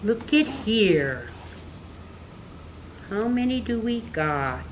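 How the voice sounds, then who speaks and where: An older woman, an elder teacher, giving a slow, gentle lesson for children, counting and singing and repeating words for learners to say back. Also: mid-range voice, big pitch swings, a little hiss or hum, rough recording.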